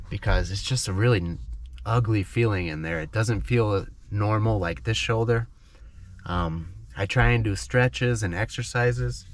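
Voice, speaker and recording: A man with a congested, stuffy nose from a cold, telling a personal story slowly and clearly as an English lesson, often checking in with "okay?". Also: lowish voice, a little hiss or hum. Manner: slow, clear, explains vocabulary, checks in with "okay?". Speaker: English teacher, channel host.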